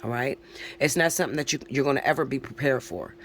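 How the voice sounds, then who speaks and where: A man's voice: mid-range voice, quick pace, a bit bright, a little hiss or hum. A man giving a casual tarot reading to camera, talking bluntly and frankly, often swearing and checking in with his listeners. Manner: chatty, keeps checking in with listeners. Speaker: tarot reader.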